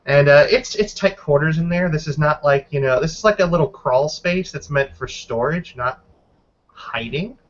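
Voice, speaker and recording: A man's voice: on the high side, moderate pace, muffled recording. A man narrating a tabletop game as game master, describing scenes loosely with many hedges.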